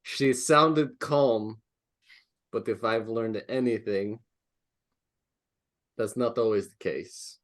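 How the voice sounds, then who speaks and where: A man playing a tabletop game in character, easygoing and quick to laugh. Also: fairly low pitch. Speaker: player.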